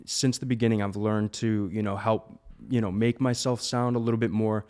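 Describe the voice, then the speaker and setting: A man's voice: on the low side, flat delivery, moderate pace, darkish tone. A man co-hosting a casual roundtable chat, agreeable and peppering his talk with "you know". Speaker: podcast co-host.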